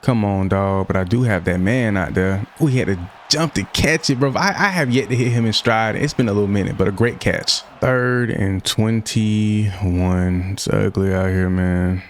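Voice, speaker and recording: A man's voice: fairly low pitch, moderate pace, hardly any pauses. Frustrated young man commentating his gameplay. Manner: frustrated, venting, exclaims at plays. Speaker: gaming YouTuber.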